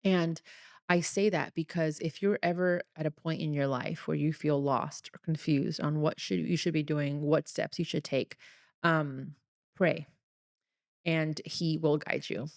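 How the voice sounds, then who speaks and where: Young woman, low voice, earnest chatty podcast storytelling, dry close sound. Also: fairly even intonation, unhurried, no room sound. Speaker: podcast host.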